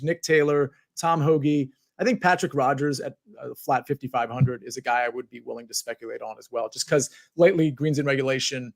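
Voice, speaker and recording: A man's voice: mid-range voice, creaky. An easygoing man with a mid-range voice, talking golf picks on a podcast. He is wry and casual, and asks his co-host questions as he goes. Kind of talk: casual golf betting chat.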